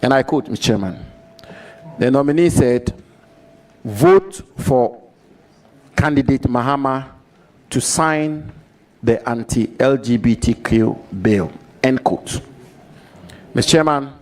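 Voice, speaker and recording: A man's voice: medium pitch, a little mellow, low-quality recording. Man questioning formally at a hearing. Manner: measured, repeats key phrases for emphasis. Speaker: committee member asking questions. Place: parliamentary committee hearing room.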